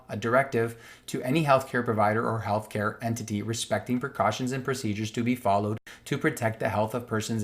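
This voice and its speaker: Emphatic man walking through a legal text. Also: medium pitch. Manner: emphatic and repetitive, stressing key words; reads passages aloud, then restates them plainly. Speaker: online commentator. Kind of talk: explaining a legal document while scrolling on screen.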